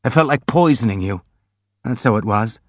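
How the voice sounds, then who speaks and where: A man's voice: medium pitch, expressive, normal speed, dry recording, lightly acted. A man reading as a brooding, jealous young man. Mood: bitter. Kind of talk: audiobook dialogue reading. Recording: dry, dull lo-fi sound.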